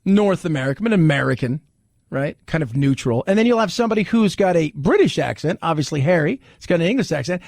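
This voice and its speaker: A man's voice: fairly high pitch, expressive, fast, darkish tone, no echo, studio quality. A man hosting a talk radio show, chatting casually in a wry, sarcastic way.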